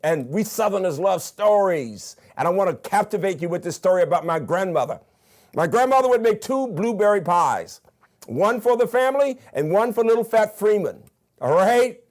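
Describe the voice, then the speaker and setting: A man's voice: sits high, lively intonation, moderate pace. An older man from Birmingham with a Southern accent, giving a recorded commencement address to graduates in an emphatic, enthusiastic way and counting off his points. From Birmingham, Alabama. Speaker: commencement speaker, university president.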